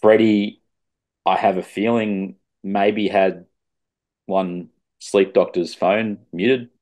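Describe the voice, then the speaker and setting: A man's voice: on the low side, fairly even intonation, takes it slowly, darkish tone. A man co-hosting a rugby league podcast over a video call, chatting casually with laid-back, joking banter. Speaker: podcast co-host. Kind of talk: casual sports chat.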